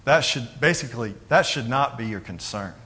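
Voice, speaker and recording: A man giving a sermon as pastor, talking in a loose, conversational way with jokes and quick acted-out voices of other people. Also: medium pitch, expressive, pushed and bright.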